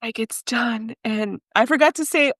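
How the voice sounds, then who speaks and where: A young adult woman from Mexico, a podcast guest telling her own story in a lively way with frequent laughter, dropping Spanish words into her English. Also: a little high, normal speed, no echo. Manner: animated, laughs often, mixes in Spanish. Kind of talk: storytelling in an interview.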